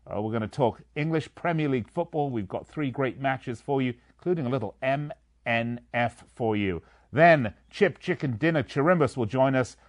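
A man's voice: medium pitch, no room sound, studio quality. A man hosting a live sports betting radio show, with playful, theatrical patter and sing-song asides.

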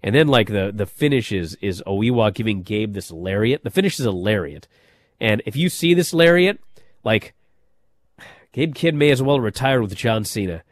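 A man hosting a casual wrestling chat, telling stories in an animated way with many fillers and restarts. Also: fairly low pitch, normal speed, no room sound. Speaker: wrestling podcast host.

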